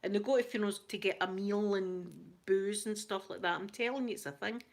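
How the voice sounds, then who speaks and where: A Scottish woman hosting her channel, telling a story in casual, animated chat. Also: medium pitch, brisk. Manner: chatty, animated anecdote telling. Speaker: ASMR channel host.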